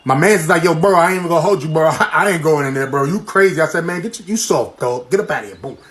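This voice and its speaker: A man telling comic true-story tales, acting out each quoted line with big jumps in his voice. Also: quick pace. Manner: animated, acts out quotes with big pitch jumps.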